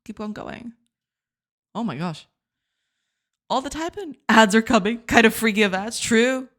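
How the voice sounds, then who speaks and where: Woman game-dev streamer, casual and chatty, giggles a lot; unhurried, very animated intonation. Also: on the high side. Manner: giggly, chatty, reads chat aloud. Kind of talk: casual live-stream chat.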